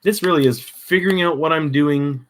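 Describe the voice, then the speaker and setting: A man's voice: a little high, normal speed, a little hiss or hum. Man muttering over a craft project. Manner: mutters to himself while working, dry sarcastic asides. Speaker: crafting livestreamer. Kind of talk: casual crafting livestream chat.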